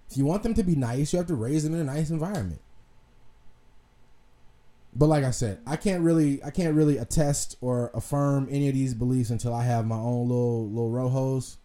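With a mid-range, dark voice and a slightly fast pace, a young podcast host gives a casual commentary monologue. He rambles loosely, swears without restraint, and trails off into restarts.

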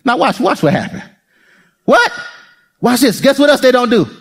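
Lively, high-voiced preaching pastor. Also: male voice, normal speed, slightly rough. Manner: lively, playful preaching with laughter and asides to the congregation. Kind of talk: sermon.

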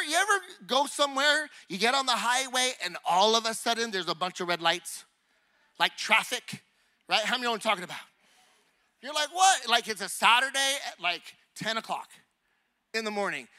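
A man preaching a sermon. He talks in a conversational, animated way, firing rhetorical questions at the congregation and acting out little scenes. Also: very high voice. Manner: acts out little scenes and honking noises.

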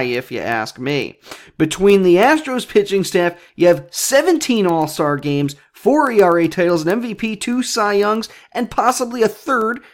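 A young man hosting his own sports podcast, chatting casually in a jokey, self-deprecating way that rambles and restarts. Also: a little high. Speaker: podcast host.

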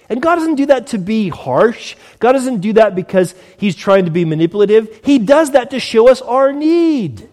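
A man's voice: very high voice, a little mellow. A man preaching a conversational sermon as pastor, acting out little scenes in different voices. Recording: long hall reverb.

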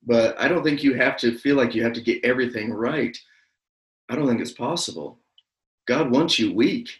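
A man's voice: medium pitch, moderate pace, echoey room, rough recording. A man co-hosting a casual faith podcast, speaking in an earnest, reassuring and plainspoken way. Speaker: podcast co-host.

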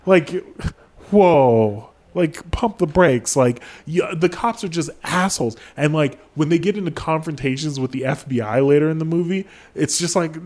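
A man's voice: on the high side, normal speed, a little mellow. Young man ranting casually on a podcast. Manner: casual, profane, lots of "like" fillers. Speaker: podcast host. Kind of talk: casual chat.

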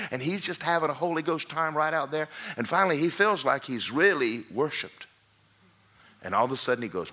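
A man preaching a sermon who tells a parable with animated storytelling and acts out the voices of its characters. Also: medium pitch, a little fast. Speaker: pastor.

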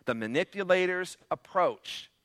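A man's voice: high voice, lively intonation, measured pace, fairly bright tone, no echo. A man preaching a sermon as pastor, in a conversational way with frequent fillers. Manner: leans into acted quotes.

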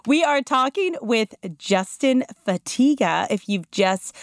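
A woman's voice: on the high side, lively intonation, slow, no room sound, studio quality. A woman hosting a radio interview, encouraging her guest and affirming what he says. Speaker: radio show host.

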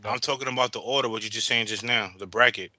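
A man co-hosting a podcast in casual chat, playful and teasing, often laughing loudly. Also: medium pitch, steady tone, quick pace, no room sound. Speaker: podcast co-host.

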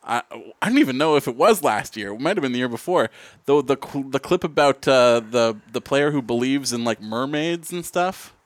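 A man's voice: medium pitch, expressive, normal speed, dry recording. A man co-hosts a laid-back sports podcast. He jokes with a sarcastic edge while he sets up each segment. His voice is recorded close and dry. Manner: jokey, sarcastic, introduces segments. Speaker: podcast co-host. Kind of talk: casual chat.

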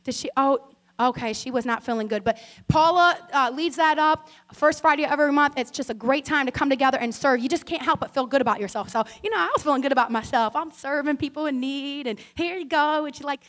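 A woman pastor delivering a sermon in a high, bright voice. She tells stories casually, with asides to her congregation, then builds to animated, emphatic preaching. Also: quick pace.

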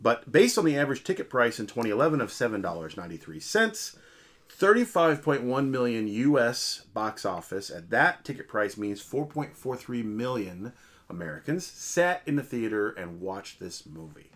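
A man's voice: medium pitch, very animated, normal speed, a bit bright. A man hosting a film podcast, giving box-office figures in a dry, mock-serious way. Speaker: podcast co-host. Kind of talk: casual chat.

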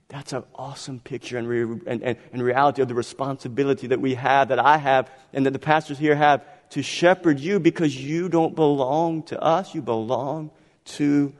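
A man preaching a sermon as pastor, swinging between quiet, drawn-out lines and loud, pressing ones. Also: mid-range voice, fairly even intonation. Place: church sanctuary. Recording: long hall reverb.

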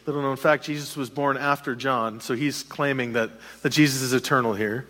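A man preaching a sermon, animated and now and then joking. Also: medium pitch, brisk, hardly any pauses, big-room sound. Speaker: pastor.

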